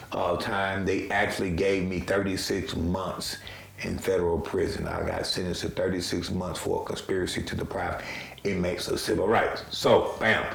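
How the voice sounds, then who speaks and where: Man, low voice, gravelly, earnest personal testimony, casual storytelling, roomy echo. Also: slight background noise. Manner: earnest, conversational, emotional retelling. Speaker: storyteller recounting own experience.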